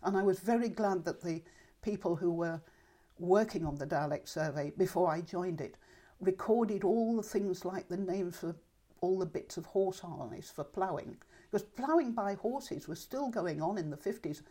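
A woman's voice: lowish voice, moderate pace, warm tone. An older woman being interviewed, reminiscing in a chatty, thoughtful way and speaking her mind. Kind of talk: reminiscing oral-history interview.

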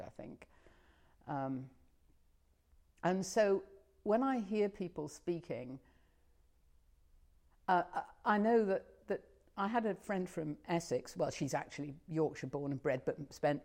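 Low-voiced older woman reminiscing. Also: vocal fry, warm tone. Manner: chatty, rambling with many restarts and fillers. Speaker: interviewee. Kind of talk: oral history interview.

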